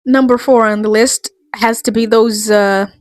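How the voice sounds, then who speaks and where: Exasperated rambling woman, higher voice. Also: steady tone, a little slow, dry recording. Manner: rambling, exasperated, heavy use of "like". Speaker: vlogger. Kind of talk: casual ranting commentary.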